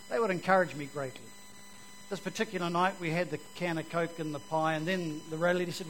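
A man giving a personal testimony to an audience, telling it vividly and moving from loud to hushed. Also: a little high, quick pace, slight background noise, low-quality recording. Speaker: speaker giving his testimony.

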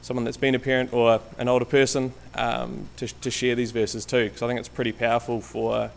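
A man's voice: mid-range voice, flat delivery, brisk, creaky. Chatty New man preaching in church. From Canterbury, New Zealand. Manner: chatty, hesitant, with many ums and restarts. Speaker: guest lay preacher. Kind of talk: informal church talk to a congregation. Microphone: stage microphone, sometimes walking away from it.

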